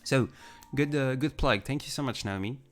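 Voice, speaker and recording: A man's voice: medium pitch, normal speed. A man chatting casually on a livestream, rambling and restarting his sentences as he answers viewers. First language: French. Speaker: livestream host. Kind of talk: casual chat, reading viewer comments.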